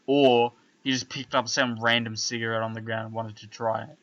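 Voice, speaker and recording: A young man telling a story in casual podcast chat, animated and full of swearing, asking "right?" as he goes. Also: medium pitch, fairly quick, hardly any pauses, dull audio. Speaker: podcast co-host.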